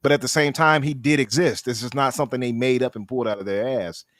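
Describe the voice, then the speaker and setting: A man hosting a casual podcast chat, talking in an opinionated, animated way and often restarting his sentences. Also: medium pitch, fast, dry recording, clean studio sound. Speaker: podcast host.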